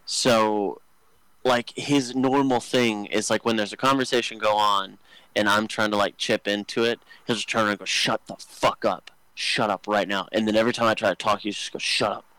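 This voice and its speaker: A man's voice: fairly low pitch, a bit bright, smooth, dry recording, poor audio. Crude joking young man on a podcast. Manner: crude, joking, fast rambling with many fillers. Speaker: podcast co-host. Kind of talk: casual storytelling chat.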